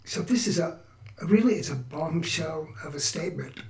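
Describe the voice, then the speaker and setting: Man with a high voice in an echoey room. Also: normal speed, far from the mic. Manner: relaxed, reflective, with frequent restarts. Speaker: podcast host and spiritual teacher. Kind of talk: spiritual talk.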